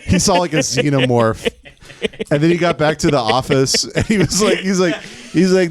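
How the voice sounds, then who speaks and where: A man's voice: fairly high pitch, normal speed. A young man co-hosting a casual comedy podcast, telling crude stories and mimicking people he mentions. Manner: storytelling with put-on voices, crude, animated. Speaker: podcast co-host.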